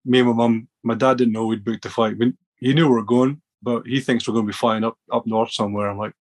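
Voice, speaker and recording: A man's voice: mid-range voice, level tone, quick pace, few pauses. A man from Scotland, a podcast guest telling rambling stories with many restarts. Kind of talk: casual storytelling.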